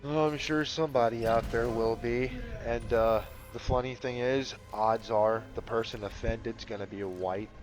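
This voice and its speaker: A man's voice: mid-range voice, fairly even intonation, normal speed, few pauses, faint music behind. A man chatting casually over a game playthrough, rambling with lots of fillers and swearing. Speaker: gamer commentating a playthrough.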